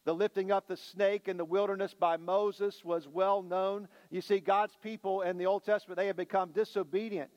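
A man preaching a sermon as a pastor, slowing down and building emphasis on key lines. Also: high-pitched, level tone, darkish tone, big-room sound. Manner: preaching with dramatic slowdowns and rising emphasis.

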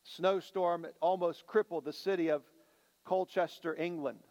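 A man preaching a sermon as a pastor, slowing down and building emphasis on key lines. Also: high voice, steady tone, a little mellow, long reverb tail. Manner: preaching with dramatic slowdowns and rising emphasis.

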